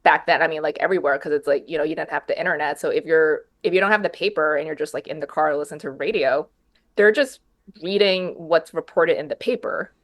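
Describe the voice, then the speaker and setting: A woman's voice: deep voice, fast. A woman guesting on a film podcast, chatting casually with lots of "like" and "you know.". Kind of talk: casual chat about a film.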